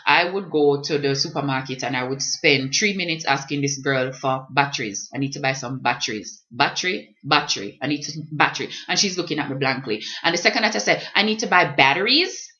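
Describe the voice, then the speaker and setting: A woman's voice: rumbling low, fairly bright tone, highs cut off. A woman from Jamaica with a Jamaican accent, talking as a vlogger in an impassioned, emphatic way. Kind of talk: reflective talk on language.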